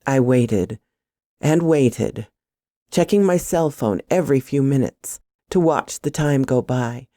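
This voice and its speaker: A woman reading a first-person horror story aloud in an expressive, dramatic way. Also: very deep voice, slow pace, no echo, clean studio sound.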